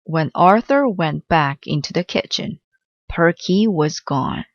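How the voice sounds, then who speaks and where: A woman narrating a children's storybook aloud in a gentle, clear manner. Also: low-pitched, lively intonation, slow pace, no room sound. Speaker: children's book reader. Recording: slightly dull dry recording.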